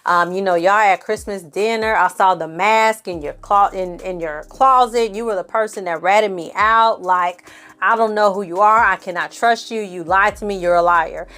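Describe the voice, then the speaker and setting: A woman's voice: mid-range voice, moderate pace, fairly bright tone, lightly acted. A woman voicing a jealous woman who accuses her partner of lying, in her own voice. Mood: accusing. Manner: accusing, bitter.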